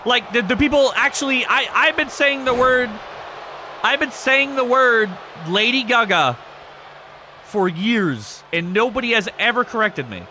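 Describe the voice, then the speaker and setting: A man hosting a livestream, chatting casually with viewers. He jokes, swears often and breaks into sudden shouts. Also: very high voice, a little slow, a little hiss or hum. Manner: excitable, joking, swears a lot, bursts into shouts. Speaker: streamer host of a wrestling show.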